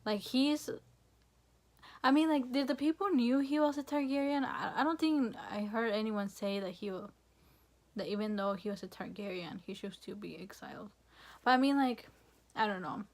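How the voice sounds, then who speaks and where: A woman's voice: on the high side, normal speed. A young woman vlogging a casual, rambling rant, frustrated and full of fillers and swearing.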